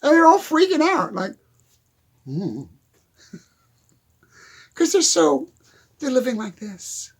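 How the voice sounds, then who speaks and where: A man's voice: very high-pitched, huge pitch swings, slow, vocal fry, long pauses. A man giving an emphatic, repetitive motivational monologue, addressing the listener directly. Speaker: motivational speaker.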